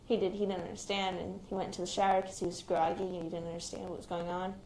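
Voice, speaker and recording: A young woman, an active military member, recounts surviving a shooting in a hesitant, reflective, quiet-spoken way. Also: lowish voice, level tone, fast talker. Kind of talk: recounting a personal experience in an interview. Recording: roomy recording with faint background noise.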